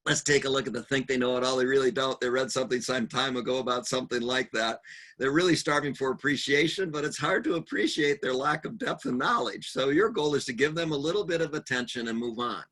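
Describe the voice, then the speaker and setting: Bright-voiced humorous male seminar speaker. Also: mid-range voice, fast. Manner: humorous storyteller acting out quoted voices; lively, animated delivery. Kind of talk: conference workshop talk.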